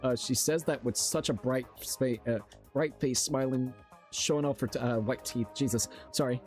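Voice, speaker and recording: A man's voice: mid-range voice, steady tone, normal speed, faint music behind. A young man livestreaming and reading a story aloud in a loose, slangy way, often stumbling over words. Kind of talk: casual stream chat and reading aloud.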